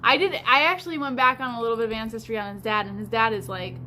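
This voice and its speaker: A woman's voice: fairly high pitch, quick pace, bright, forceful tone, slight background noise. A woman hosting a livestream in casual chat, rambling along with lots of fillers like "like". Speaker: livestream host.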